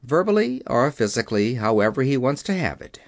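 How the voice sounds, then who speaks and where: A man voicing a calm, authoritative chief engineer who speaks quietly but cuts through. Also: medium pitch, brisk, no echo, clean studio sound. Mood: commanding.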